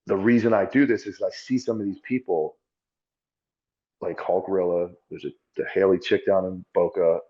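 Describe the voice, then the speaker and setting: A man's voice: deep voice, fairly even intonation, moderate pace, mellow, dull audio. A former police officer as a podcast guest, telling his story in a blunt, profane, self-critical way. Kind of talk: candid conversational storytelling.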